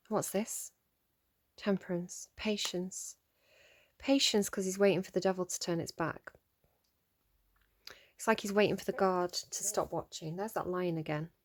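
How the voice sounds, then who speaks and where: A woman giving a casual spoken tarot reading, chatty and animated, with lots of fillers and mild swearing as she scolds the cards. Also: medium pitch, a little hiss or hum. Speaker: tarot reader.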